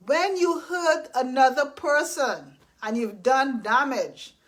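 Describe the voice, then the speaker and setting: A woman's voice: sits high, a bit bright. A woman giving earnest, faith-based life advice in a casual talk, repeating herself and acting out apologies. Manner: earnest and repetitive, acts out apologies.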